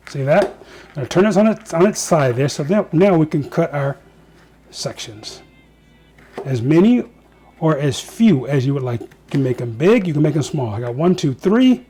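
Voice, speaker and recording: A man's voice: on the high side, mellow, a little hiss or hum. Chatty man hosting a home cooking show. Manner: chatty, self-joking, talks to viewers while cooking. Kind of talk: casual cooking demonstration. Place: home kitchen.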